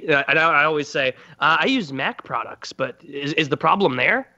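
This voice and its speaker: Bright-voiced joking man, lo-fi sound. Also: a little high, expressive, brisk. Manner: joking, mimics callers in his stories. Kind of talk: casual chat. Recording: dull lo-fi recording.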